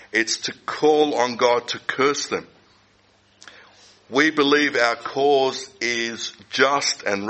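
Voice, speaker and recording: A middle-aged man preaching a sermon, speaking deliberately and repeating key phrases for emphasis. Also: medium pitch, pushed and bright, rough recording.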